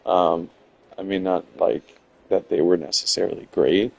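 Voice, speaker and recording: Man, game streamer, casual rambling chat, somewhat low voice, gravelly fry. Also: steady tone, normal speed, darkish tone, highs cut off. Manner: rambling, many fillers, chuckling. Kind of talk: casual gameplay commentary.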